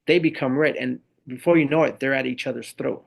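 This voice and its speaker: A middle-aged man with a gravelly edge to his voice, talking as a podcast guest. He tells his stories with energy and slips into the voices of the people he quotes, keeping it casual and conversational. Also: mid-range voice, a little fast. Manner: animated storytelling, acts out quoted people. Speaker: podcast guest, leadership speaker. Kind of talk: casual interview talk.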